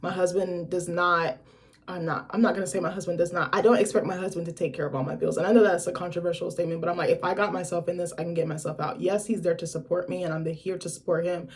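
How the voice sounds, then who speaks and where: A young adult woman vlogger in casual chat to camera, talking in a chatty, blunt and profane way with lively asides. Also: lowish voice, fast.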